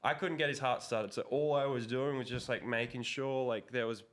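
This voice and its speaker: A man's voice: mid-range voice, fairly even intonation, moderate pace. A young man telling a story in a casual interview. He rambles with lots of fillers and curses. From Australia. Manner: rambling, heavy swearing, filler-laden. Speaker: guest, pro BMX rider.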